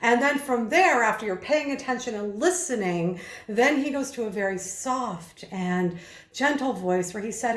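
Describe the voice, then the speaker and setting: A woman's voice: on the high side, lively intonation, moderate pace, reverberant. A woman speaking coach giving an analytical video commentary, explaining and acting out the vocal emphasis she describes.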